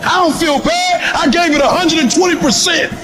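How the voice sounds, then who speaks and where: High-voiced man shouting a motivational speech. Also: fairly even intonation, normal speed, background noise. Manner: shouting, preacher-like, repetitive. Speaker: motivational speaker.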